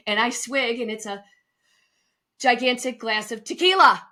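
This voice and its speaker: A middle-aged woman co-hosting a travel podcast, chatting casually and telling a lively personal story. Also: a little slow. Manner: lively storyteller, acts out quotes with big pitch jumps. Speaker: podcast co-host and travel advisor.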